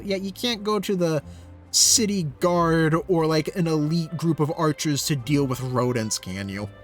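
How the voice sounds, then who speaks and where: Male streamer, casual game commentary, wry jokes, light music under. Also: measured pace. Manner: wry, joking asides, low-key.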